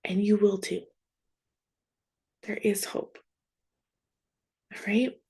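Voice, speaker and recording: Woman, faith-based grief coach; earnest and gentle, takes her time, mid-range voice. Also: medium pitch, fairly even intonation, slow, creaky, husky. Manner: earnest and gentle, with frequent "like" and "right?". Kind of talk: heartfelt faith monologue.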